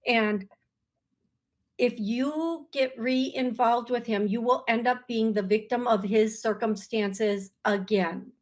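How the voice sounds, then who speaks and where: Woman psychic host, call-in radio, unhurried and earnest, higher voice. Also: steady tone, a little mellow. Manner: slow, searching, apologetic, earnest.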